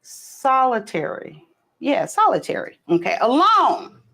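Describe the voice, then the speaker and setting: A woman's voice: on the high side, huge pitch swings, slow, vocal fry, pushed and bright. A middle-aged woman hosting a casual livestream, rambling between topics and answering viewers' comments. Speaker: livestream host. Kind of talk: casual live chat with viewers. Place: home, in California.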